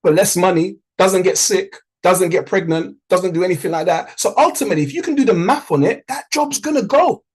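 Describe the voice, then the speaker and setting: A man's voice: high-pitched, fairly quick, few pauses, a little mellow, slightly rough, rough recording. A man leading a trading community on a group video call. He talks in a punchy, motivational way and repeats lines for emphasis.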